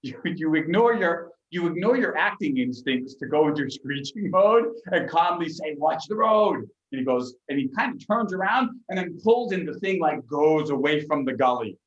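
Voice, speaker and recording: Male game master, animated storytelling, slightly high voice, echoey lo-fi room. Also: moderate pace, few pauses. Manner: lively narration with frequent restarts and acted bits. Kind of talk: narrating a tabletop game.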